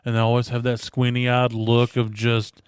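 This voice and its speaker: A man's voice: medium pitch, monotone, moderate pace, clear, resonant tone, dry recording. A man co-hosting a podcast, chiming in with short eager reactions and quips. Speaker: podcast co-host. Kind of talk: casual chat.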